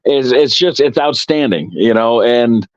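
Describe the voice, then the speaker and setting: A man's voice: mid-range voice, unhurried, muffled recording. A man, guest co-creator of a comic, telling anecdotes in a casual interview and acting out the dialogue. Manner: animated storyteller, acts out quoted dialogue.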